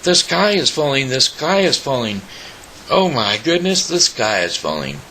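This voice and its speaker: A man's voice: mid-range voice, very animated, measured pace, bright, forceful tone, a little hiss or hum, voice pushed up, full character voice. A man voicing a panicky little chicken, screaming in frantic alarm. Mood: panicked.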